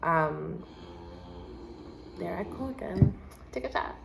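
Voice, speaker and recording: A woman's voice: lowish voice, animated, slow pace, vocal fry, a little hiss or hum, rough recording. A young adult woman mentoring children, hosting a casual personal monologue, speaking candidly and animatedly with casual swearing. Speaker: podcast host and youth mentor.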